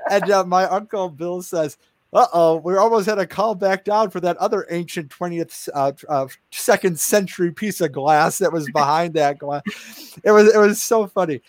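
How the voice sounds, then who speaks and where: A man's voice: high voice, normal speed, dry recording. Chatty man hosting an interview, dry sound. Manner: chatty, laughs often, many fillers and restarts. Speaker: interview host. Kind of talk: casual interview.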